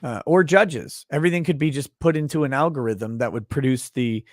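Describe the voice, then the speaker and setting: A man hosting a livestream, chatting casually with a guest and reading viewer comments aloud with many halting restarts. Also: mid-range voice, no room sound, studio quality. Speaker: livestream host.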